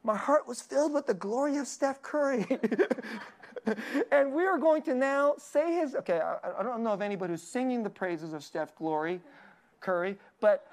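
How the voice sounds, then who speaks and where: A woman's voice: a little high, animated, moderate pace. A woman giving a sermon as though chatting with friends. She laughs often, trips over her own words and restarts them, and drops in asides to keep it loose. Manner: conversational and jokey, laughs often, many restarts. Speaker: preacher.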